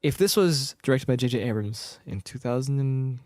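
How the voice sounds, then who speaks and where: A man co-hosting a casual podcast, retelling a film scene by scene with quick voices for the characters. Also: mid-range voice, a little mellow, dry recording, clean studio sound. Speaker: podcast co-host. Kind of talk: casual chat.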